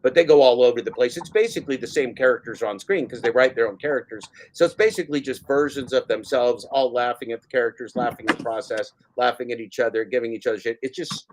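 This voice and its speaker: A man's voice: medium pitch, fast, few pauses, a little hiss or hum. Profane rambling man hosting a casual show. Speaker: show host. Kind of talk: casual chat.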